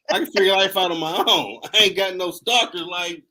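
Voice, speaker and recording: Man, high bright voice, animated laughing storyteller. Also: moderate pace. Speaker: host. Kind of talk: casual storytelling chat.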